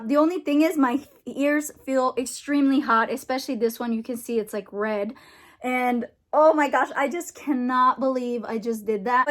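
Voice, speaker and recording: A woman vlogging casually, talking herself through her nerves in a chatty, excitable way. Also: sits high. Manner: nervous, chatty, self-encouraging. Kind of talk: casual vlog.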